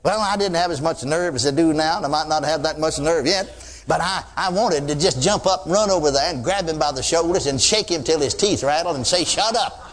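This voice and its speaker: An older man preaching a sermon, telling folksy stories and acting out loud prayers. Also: fairly high pitch, brisk. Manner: folksy storytelling, mimics praying loudly. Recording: reverberant hall.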